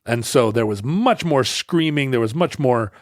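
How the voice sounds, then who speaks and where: A man's voice: mid-range voice, animated, moderate pace, no echo, clean studio sound. A man co-hosting a podcast, telling rambling stories in casual chat with many restarts. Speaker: podcast co-host.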